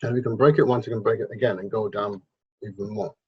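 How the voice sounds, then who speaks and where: A man's voice: on the low side, fairly even intonation, fast, slightly rough. A man, hosting a crypto investment channel and explaining charts in a rambling way, often repeating and correcting himself. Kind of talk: casual explainer at a drawing board. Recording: muffled lo-fi sound.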